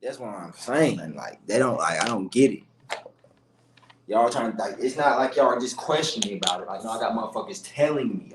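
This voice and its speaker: A man's voice: on the low side, expressive, fairly quick, roomy sound, background noise. A man in his twenties talking casually on a livestream, exasperated and repeating himself, swearing a lot. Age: 20s. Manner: exasperated, repetitive, heavy cursing.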